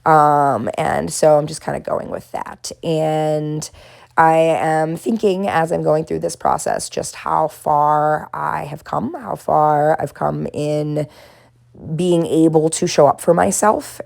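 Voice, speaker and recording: A woman with a faint Boston accent talks through her painting in a low, mellow, gravelly voice. She reflects gently and encourages her viewers, and laughs at herself now and then. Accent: faint Boston, mostly smoothed out. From Boston area. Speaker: art vlogger and therapist. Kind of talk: casual reflective talk while painting.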